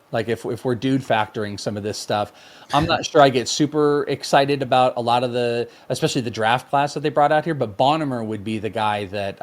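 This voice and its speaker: A man talking as a podcast guest in casual chat, rambling with lots of fillers and growing enthusiastic. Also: mid-range voice. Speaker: podcast guest, prospect analyst.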